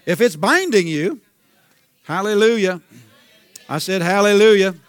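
A man's voice: high-pitched, expressive, moderate pace, bright, forceful tone. A man preaching a sermon with a Southern US accent, fervent and repetitive, calling out hallelujah. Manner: fervent, repeats himself, calls out hallelujah.

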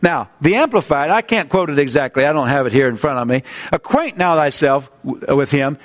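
Male preacher, light high-ish voice, animated sermon delivery with casual asides and restarts. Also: quick pace.

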